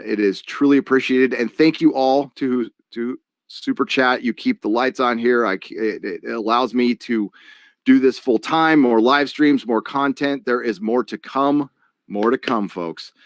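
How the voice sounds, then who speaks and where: A man's voice: mid-range voice, moderate pace, dry recording. A man hosts a live stream and rants in a casual way, stopping often with ums and restarts. The recording is dry and close, with no room sound. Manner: ranting, frequent fillers and restarts. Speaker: live stream host reading donations.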